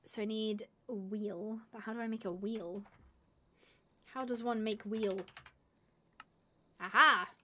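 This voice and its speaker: A young woman from the UK chatting casually while playing a game on a live stream, rambling and reading out viewer comments. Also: a little high. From United Kingdom.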